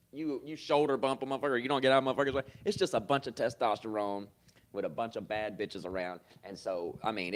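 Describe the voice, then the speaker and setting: Male podcast host, casual cussing storyteller, animated bursts and laughter. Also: medium pitch. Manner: loose, swearing, laughs often, animated bursts. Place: comedy club.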